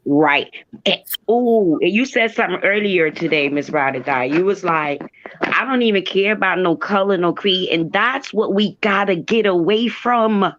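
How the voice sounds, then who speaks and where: A man's voice: high-pitched, moderate pace, a bit bright, dry recording. A man from New Jersey, a guest in a casual live-stream chat, speaking earnestly about spirit with wandering phrasing over a remote call. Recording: dull lo-fi call audio.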